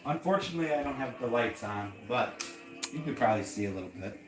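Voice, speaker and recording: A man's voice: mid-range voice, lively intonation, fast talker, music in the background. Playful man in a roomy room. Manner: playful, jokey. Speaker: co-host showing a collection. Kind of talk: casual livestream chat. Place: house at night.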